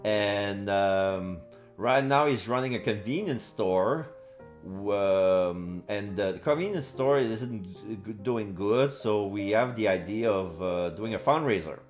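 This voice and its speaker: A male streamer chatting casually with viewers on a live stream, halting with many fillers and quick bursts of excitement. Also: on the low side, faint music behind.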